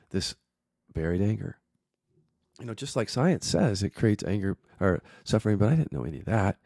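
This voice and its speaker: A man with a very dark, husky voice tells his own story as a spiritual teacher. He is candid and reflective, and he swears freely. His low, gravelly tone is recorded dry, with no room sound. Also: dry recording. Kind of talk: personal storytelling monologue.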